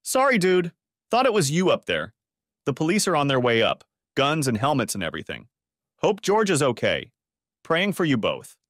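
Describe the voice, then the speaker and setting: A man's voice: a little high, wildly swooping pitch, moderate pace, a bit bright, no echo, studio quality, pitched above the performer's own voice. A man voicing a casual, friendly male neighbor in an audiobook story. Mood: concerned. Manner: casual, chummy.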